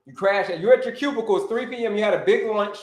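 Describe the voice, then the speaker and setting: A high-voiced man coaching viewers on a casual live stream, talking with energy and circling back over the same points. He grew up in Florida and keeps calling out to his audience. The sound bounces around an echoey room. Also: fast. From Orlando, Florida. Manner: energetic, repetitive, calls out to viewers. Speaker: health coach and livestream host.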